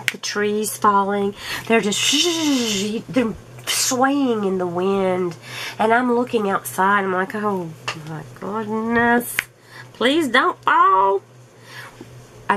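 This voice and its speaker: A woman chatting casually at home while she crafts, slow and easygoing, laughing often, her throat a little rough from allergies. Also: medium pitch, a little hiss or hum, rough recording. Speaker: diamond painting vlogger.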